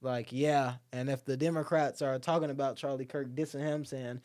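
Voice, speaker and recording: Clear-voiced young man. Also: mid-range voice, normal speed. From Alabama. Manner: animated storyteller who acts out the people he quotes, heavy use of "like" and "bro". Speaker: podcast guest. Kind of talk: casual conversation.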